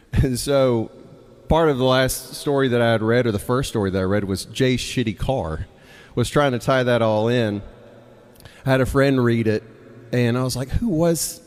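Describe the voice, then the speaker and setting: A young man from Mississippi tells a story in his Southern accent at a live storytelling night. He talks casually and laughs between lines. His mid-pitched voice carries a long reverb from the hall. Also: darkish tone. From Mississippi, United States.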